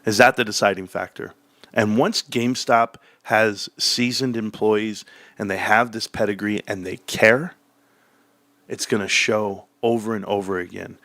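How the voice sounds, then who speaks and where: Animated man talking sales, dry sound. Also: measured pace, no echo. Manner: animated, acts out sales pitches in quoted voices. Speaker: stock commentary host. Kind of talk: casual commentary.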